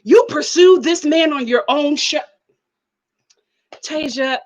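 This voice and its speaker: A woman hosting her own live-stream reaction show, talking in a blunt, animated, exclaiming way and reading out viewer comments. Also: sits high, slow, long pauses, rough recording. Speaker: YouTube host.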